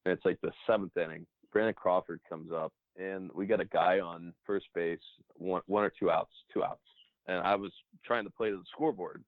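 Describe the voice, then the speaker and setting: A man's voice: deep voice, brisk, no echo. A man telling baseball stories in a casual interview, acting out the dialogue. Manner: animated anecdotes, acts out dialogue. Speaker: professional baseball player. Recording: tinny phone-like line.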